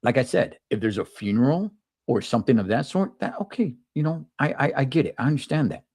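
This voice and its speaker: A man hosting a casual talk show, animated and repeating himself when worked up. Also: medium pitch, a little fast, dry recording, studio quality. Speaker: podcast host. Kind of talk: casual opinion chat.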